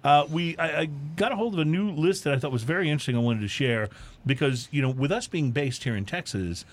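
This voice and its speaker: A man co-hosting a casual drinks podcast, chatting in a relaxed, rambling way with lots of fillers. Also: on the high side, fast. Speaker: podcast co-host. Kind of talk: casual chat.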